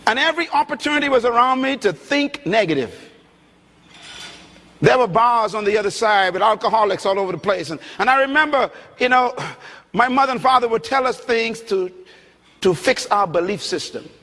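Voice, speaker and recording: A middle-aged man preaching a sermon from the Bahamas, emphatic, swinging between loud and soft passages. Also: very high voice, animated, normal speed. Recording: long hall reverb.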